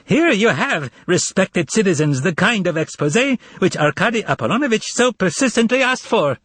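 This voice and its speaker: A man's voice: on the high side, very animated, moderate pace, breathy edge, dry recording, pitched above the performer's own voice. A man voicing a sly, mocking male magician's assistant who talks in a mock-polite, teasing way. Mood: gloating.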